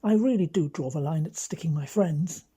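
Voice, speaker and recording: A woman's voice: deep voice, moderate pace, dark tone, slightly rough. A woman with an English accent voicing a sulky young man who grumbles plaintively at his friend.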